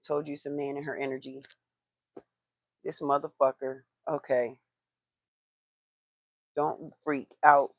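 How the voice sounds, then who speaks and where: Tarot reader on a livestream: gravelly, cursing, blunt, chatting to viewers, dry close sound. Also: medium pitch, flat delivery, measured pace, pauses often, no echo, dull audio. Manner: blunt and profane, swears for emphasis; talks to the live chat, calling out to viewers.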